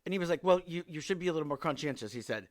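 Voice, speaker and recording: A man's voice: a little high, animated, racing. A man hosting a podcast, telling stories about his neighbors in a wry, exasperated way and acting out their lines. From Seattle area. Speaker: podcast host. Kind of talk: casual storytelling.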